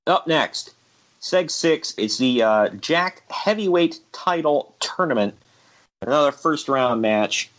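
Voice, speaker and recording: This man hosts a show recapping a figure wrestling league, walking through the matches play-by-play in a relaxed manner. He speaks slowly in a slightly high, fairly bright voice with lively intonation, laughing at his own jokes and dropping the odd "uh."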